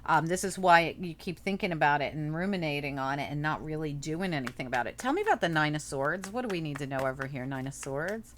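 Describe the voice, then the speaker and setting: A woman's voice: sits low, fast, hardly any pauses, a little hiss or hum. Chatty woman reading tarot cards. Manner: chatty, animated exclamations, thinking aloud. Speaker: tarot reader. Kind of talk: casual tarot reading monologue.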